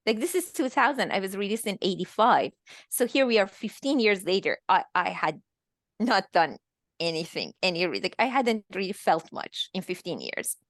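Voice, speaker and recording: A woman in her fifties from Iran, telling her own story in a halting, emotional way over a video call. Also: mid-range voice, sing-song, no room sound, studio quality. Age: 50s. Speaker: guest. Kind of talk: personal testimony in a virtual talk.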